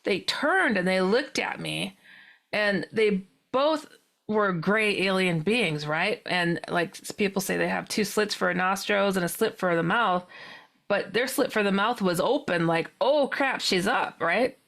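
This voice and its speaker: A woman, a guest on a podcast, telling a personal story in an animated way, laughing often and acting out her own past words with sudden jumps in pitch. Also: measured pace, gravelly. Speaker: guest, paranormal author.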